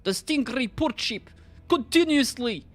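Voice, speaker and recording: A woman's voice: high-pitched, lively intonation, measured pace. A woman streamer reading game dialogue aloud in a casual playthrough, joking that she can't do accents. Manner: reads dialogue aloud, jokes about not doing accents.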